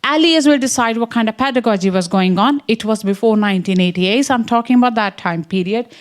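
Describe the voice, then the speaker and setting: A woman's voice: fairly high pitch, quick pace. A woman from the English Midlands with an Indian accent, a science education researcher presenting to a room and checking in with her listeners. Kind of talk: academic talk with slides.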